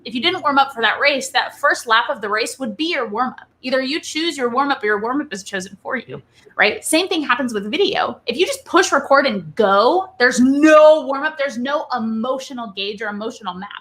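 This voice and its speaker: Bright, animated woman coaching on charisma. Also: high-pitched, a little fast. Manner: animated, coaching, frequent "right?" tag questions. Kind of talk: conversational interview.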